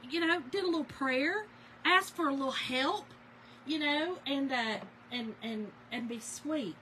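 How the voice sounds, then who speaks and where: A woman's voice: high voice, pushed and bright, slight background noise, poor audio. Chatty woman crafting live. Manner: chatty storyteller, talks to viewers and reads their names aloud. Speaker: crafting livestream host. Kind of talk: casual livestream chat while crafting.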